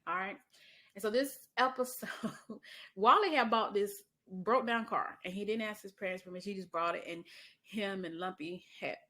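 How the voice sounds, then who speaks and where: A middle-aged woman hosting a podcast, telling a story in a chatty way, calling her listener honey and dropping into soft asides. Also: medium pitch, normal speed. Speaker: podcast host. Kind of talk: casual podcast monologue.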